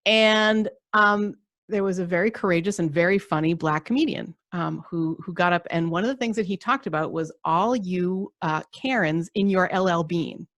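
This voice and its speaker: A woman hosting a podcast, telling a story in an animated, rambling way and laughing often. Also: lowish voice, normal speed, no room sound. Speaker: podcast host. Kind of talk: casual conversation.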